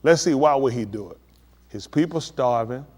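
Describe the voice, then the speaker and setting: A man preaching on a livestream, emphatic and addressing his listeners directly, building to excited peaks. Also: medium pitch, moderate pace. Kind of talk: livestream preaching on world events.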